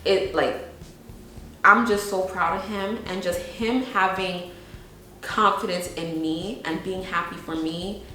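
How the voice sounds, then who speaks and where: A woman's voice: lowish voice, fairly even intonation, takes it slowly, pushed and bright, far from the mic. Young woman, echoey documentary interview. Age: young adult. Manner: casual and earnest, with frequent "you know what I'm saying". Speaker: entrepreneur interviewee. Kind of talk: documentary interview, candid talk. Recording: very echoey room, faint background noise.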